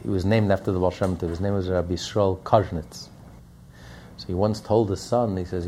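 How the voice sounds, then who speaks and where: A man's voice: low-pitched, fairly even intonation, brisk, dark tone, slight background noise. A man teaching a Hasidic text in a lecture, repeating points and asking rhetorical questions. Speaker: Torah teacher.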